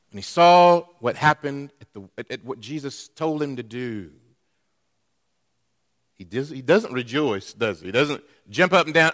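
A man preaching a sermon as a pastor, posing rhetorical questions to the congregation in a deliberate way. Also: medium pitch, expressive, a bit bright. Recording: long reverb in a church hall.

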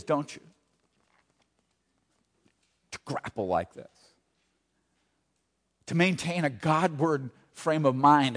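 A man's voice: fairly high pitch, in a large hall. A man preaching a sermon, repeating key phrases with emphatic weight. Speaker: pastor.

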